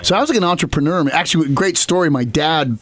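A man's voice: fairly high pitch, fast talker. A man telling a story in a casual podcast chat, acting out the other voices in it. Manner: animated storyteller, acts out quoted voices. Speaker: podcast co-host.

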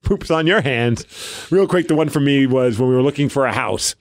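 A man's voice: mid-range voice, animated, fairly quick, no room sound. Man, podcast co-host, eager casual talk, acts out quotes, dry close sound. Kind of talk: casual chat.

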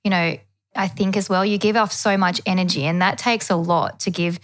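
A woman's voice: fairly low pitch, steady tone, fairly quick. A woman co-hosting a podcast interview, reflecting on and affirming what her guest has said. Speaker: podcast co-host.

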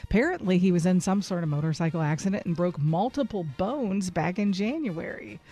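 A woman's voice: lowish voice, expressive, a little fast, warm tone, soft background music. Chatty woman reading entertainment news. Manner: chatty, reads news items and quizzes her co-host. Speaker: radio host. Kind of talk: casual entertainment news chat.

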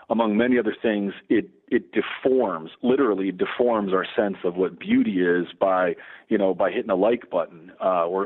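A middle-aged man, a Lutheran campus pastor, talking earnestly as a radio guest, often restarting his sentences. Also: deep voice. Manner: earnest, halting with many restarts. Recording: tinny phone line.

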